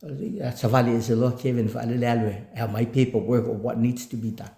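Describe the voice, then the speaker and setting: A man telling a lively motivational story about not giving up, switching between English and another language and acting out what others said. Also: mid-range voice, brisk, vocal fry, echoey room. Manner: animated, switches between English and Samoan, acts out quotes.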